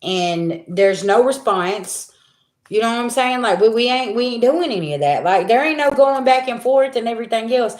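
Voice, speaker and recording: A woman's voice: fairly high pitch, normal speed, darkish tone. A woman giving a spiritual reading to her viewers in a casual monologue, blunt and profane, repeating herself for emphasis. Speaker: spiritual reader. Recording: echoey room.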